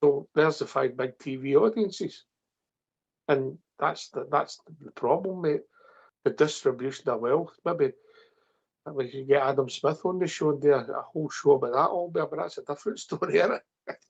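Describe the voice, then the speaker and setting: A man's voice: a little high, moderate pace, creaky, breathy edge. A Scottish man hosting a football phone-in show, chatty and tagging "mate" onto his sentences. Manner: chatty, says mate constantly. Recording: dull lo-fi phone-in audio.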